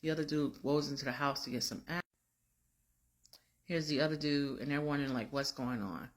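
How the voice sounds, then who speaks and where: A woman's voice: low voice, fairly quick. A woman recapping a drama episode in a chatty, slangy, casual way.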